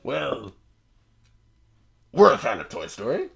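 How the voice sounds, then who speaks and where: Teasing podcast cohost, swoopy pitch, bit gravelly, laughs a lot. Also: wildly swooping pitch, slow. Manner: playful and teasing, laughs often. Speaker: podcast co-host. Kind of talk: casual chat.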